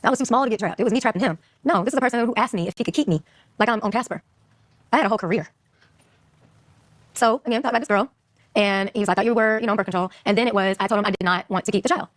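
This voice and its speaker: Fast-talking woman telling her story. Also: medium pitch, no echo. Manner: rapid, animated storytelling. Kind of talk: casual conversation.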